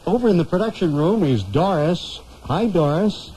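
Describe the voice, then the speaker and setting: A man's voice: sits high, animated, normal speed, a little hiss or hum, rough recording. A man hosting a live radio show, chatting in a friendly way and often stumbling over his words. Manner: warm, fumbling, repeats words. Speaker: radio host. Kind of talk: live radio chat on a final broadcast. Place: radio studio.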